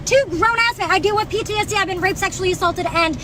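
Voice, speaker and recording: A woman's voice: very high voice, fast, crowd noise, poor audio. A woman from New York telling an aggrieved, profane story to a phone camera outdoors. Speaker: customer in viral video. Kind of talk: angry storytime rant to camera.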